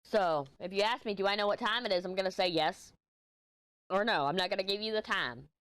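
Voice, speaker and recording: A middle-aged Texan woman with a Texan accent chats casually while crafting, her voice medium in pitch, brisk, and fairly bright. A craft vlogger, she rambles between topics, swears offhandedly, and sounds slightly stuffy.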